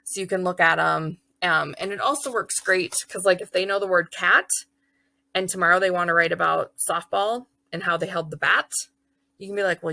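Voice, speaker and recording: A woman's voice: lowish voice, creaky, pushed and bright, no echo. A young woman teacher explaining how to guide young children's writing in a chatty, upbeat way. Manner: chatty, upbeat, acts out child voices and praise.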